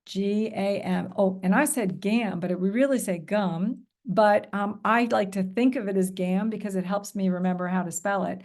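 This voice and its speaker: In a recorded presentation, a teacher trainer leads a professional development session, demonstrating patient call-and-response teaching and offering encouraging praise. Her voice is medium in pitch and a little mellow, at a moderate pace with few pauses.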